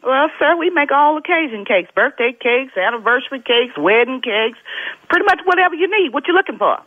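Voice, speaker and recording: A woman's voice: high-pitched, animated, brisk, no room sound. A woman who owns a bakery, answering the phone politely but firmly and insisting on her point. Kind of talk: phone conversation. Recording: narrow tinny phone line.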